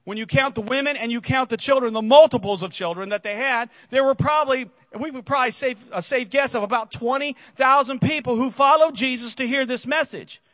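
A man with a very high voice preaches a casual sermon, retelling the story in an animated way and often restarting his sentences. The recording sounds dull and dry, with no room around it. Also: brisk, hardly any pauses, no echo. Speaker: pastor.

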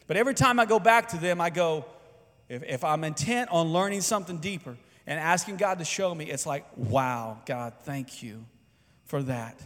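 A man preaching to his congregation, his voice a little higher than most and carried by the long echo of a large church hall. He talks in a conversational way, asking the room questions and getting them to call back. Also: a bit bright. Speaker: pastor. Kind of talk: sermon. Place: church sanctuary.

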